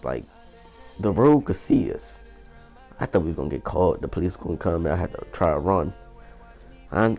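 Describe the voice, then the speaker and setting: Deep-voiced young man telling a rambling story. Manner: rambling, profane, animated retelling. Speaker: vlogger. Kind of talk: casual storytelling.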